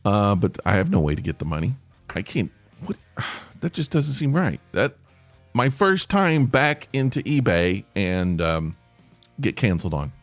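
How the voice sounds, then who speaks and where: Low-voiced guy rambling on his podcast, lots of ums, voice jumps all over, dry mic, bit of music behind. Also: big pitch swings, unhurried, dry recording. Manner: rambling, chatty, with many fillers and restarts. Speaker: podcast host. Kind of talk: casual solo podcast monologue.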